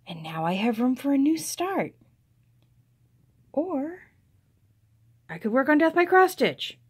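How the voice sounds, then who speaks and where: A woman talks casually to her viewers in a hobby vlog. She is chatty and self-deprecating. Her voice sits a little high. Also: very animated, slow pace. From United States. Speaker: cross-stitch vlogger.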